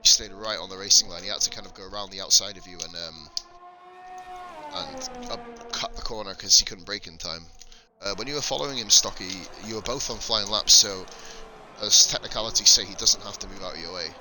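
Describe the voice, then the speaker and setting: A man's voice: on the low side, animated, a little fast, crowd noise. A man from England with a slight lisp, giving blunt, sweary live commentary on a sim racing stream into a desk mic.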